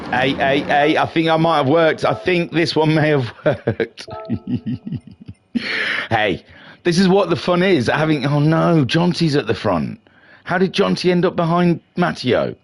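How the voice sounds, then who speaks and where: A man's voice: on the high side, expressive, unhurried. A middle-aged man hosting a racing league stream in a chatty, self-mocking, slightly flustered way. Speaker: league race stream host. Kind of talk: casual live-stream race commentary.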